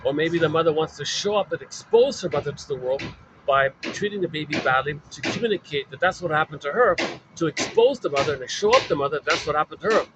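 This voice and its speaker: Speaking fast and expressively in a high-leaning voice, a psychoanalysis lecturer talks informally against a noisy background. His explanations circle back on themselves and are full of fillers.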